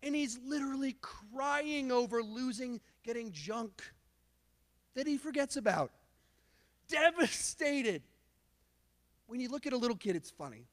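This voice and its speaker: A youth pastor giving a sermon in a casual, chatty way, filled with "like". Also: male voice, extremely high pitch, animated, moderate pace. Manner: casual, chatty preaching with lots of "like". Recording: long hall reverb.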